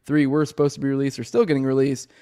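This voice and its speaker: A man's voice: mid-range voice, level tone, quick pace, mellow. Choked-up man rambling through the news. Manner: rambling, many restarts and fillers, swears casually. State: choked up, voice rough. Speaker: podcast host. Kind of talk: casual news commentary, reading articles aloud.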